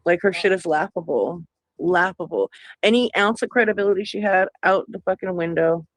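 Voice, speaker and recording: A woman's voice: fairly low pitch, normal speed, dry recording, poor audio. Exasperated woman scoffing on a stream. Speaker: co-host in a played stream clip. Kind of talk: stream chat.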